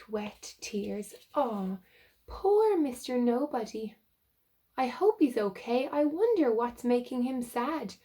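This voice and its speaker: Slow, expressive woman reading a children's story. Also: a little high. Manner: slow, expressive, with soft whispered asides. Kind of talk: reading a picture book aloud to children.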